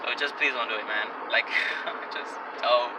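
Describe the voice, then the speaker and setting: A man's voice: mid-range voice, fairly even intonation, unhurried. A young man vlogging while driving, rambling in a self-conscious, casual way with many restarts. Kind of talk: casual vlog rant. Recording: distant car-interior phone audio with road noise. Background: car and traffic noise.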